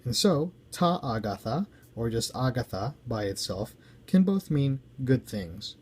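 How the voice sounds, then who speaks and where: A man's voice: medium pitch, big pitch swings, a little slow, darkish tone, slight background noise, low-quality recording. Man teaching a grammar lesson. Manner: explanatory, with small self-corrections and asides. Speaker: Greek language teacher. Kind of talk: explaining slides in a recorded lesson.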